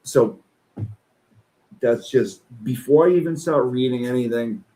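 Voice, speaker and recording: A man's voice: medium pitch, measured pace, pauses often, dark tone. A man reading posts aloud and commenting on them in a profane, exasperated rant.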